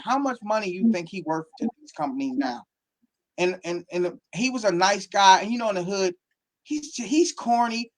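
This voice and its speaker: A man, a football academy coach from Pittsburgh, talking casually in an interview and acting out quotes as he tells stories. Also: sits high. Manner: animated storytelling, acts out quotes.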